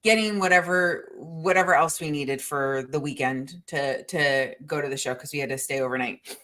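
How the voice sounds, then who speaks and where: A woman's voice: deep voice, moderate pace, fairly bright tone. A middle-aged woman co-hosting a podcast, telling stories in a profane, exasperated casual chat. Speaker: podcast co-host.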